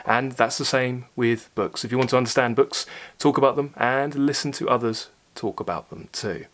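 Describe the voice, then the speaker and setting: Young male host, mid-pitched, earnest and reflective, unscripted solo talk with fillers. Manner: thoughtful, earnest, with fillers and restarts. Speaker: channel host answering viewer questions. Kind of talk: casual solo talk to camera.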